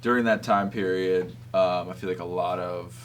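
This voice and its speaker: Deep-voiced easygoing male co-host. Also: steady tone, normal speed, a little hiss or hum. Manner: easygoing, hesitant phrasing. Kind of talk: casual interview questions.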